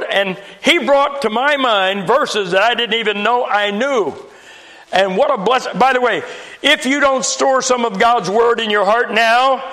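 High bright gravelly male preacher. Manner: folksy storytelling with humor. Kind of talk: sermon. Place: church.

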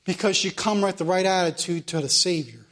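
A high-voiced man preaches a fervent sermon. He hammers phrases again and again, swinging from loud declarations to hushed ones. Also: fairly quick.

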